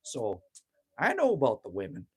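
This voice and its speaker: Rambling dad on a livestream. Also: male voice, medium pitch, wildly swooping pitch, moderate pace, slightly rough. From Canada. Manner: rambling, ranting, swears freely. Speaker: livestream host. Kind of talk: casual livestream chat, reading viewer comments aloud. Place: outdoors at a cabin. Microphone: phone livestream.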